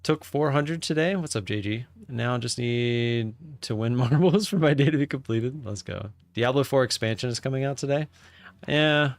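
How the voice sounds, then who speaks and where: A man's voice: medium pitch, no room sound. Chatty man hosting a live stream. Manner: chatty, jumps to loud cheering.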